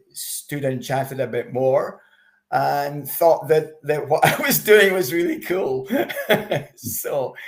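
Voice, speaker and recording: Man from Scotland, fairly high and gravelly voice, chatty interview guest who stumbles and repeats himself. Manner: hesitant, repeats words, chatty storytelling. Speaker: interview guest, expat campaigner. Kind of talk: casual conversational interview.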